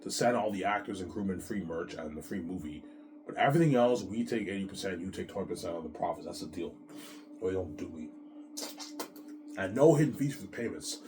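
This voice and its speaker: A low-pitched man talks on his own in a long, rambling monologue. He boasts and repeats himself, and his voice rises and falls a lot. A cough breaks in now and then. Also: animated, fairly quick, a little mellow, slight background noise. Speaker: show host.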